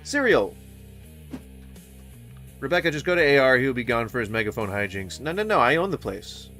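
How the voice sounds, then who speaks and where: A man giving casual let's-play commentary, goofy and rambling, with sing-song wordplay and sudden mock yelling. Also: mid-range voice, expressive, quick pace, soft background music. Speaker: gaming streamer.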